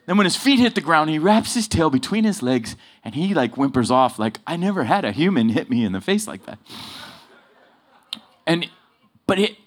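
A man preaching a sermon full of personal stories, swinging between loud emphasis and low asides. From Southern California.

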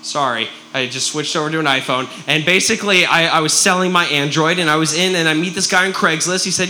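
A man preaching a sermon, telling a story in an animated way and often checking in with his listeners. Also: a little high, fast, hardly any pauses, slight background noise. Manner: animated, keeps asking "right?".

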